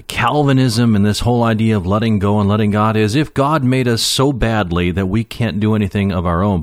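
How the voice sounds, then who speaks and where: A middle-aged male preacher teaching verse by verse, pausing on filler sounds and slowing down to read quoted verses. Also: lowish voice, dry recording, clean studio sound. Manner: explains Greek terms, frequent uh fillers, slows for quoted verses.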